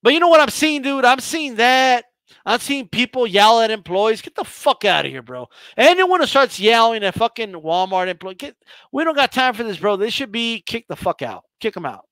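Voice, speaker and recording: Host, male, very high and bright voice, profane stammering rant, dry close sound. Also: big pitch swings, moderate pace, no echo. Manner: heated, profane, stammering restarts. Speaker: boxing channel host.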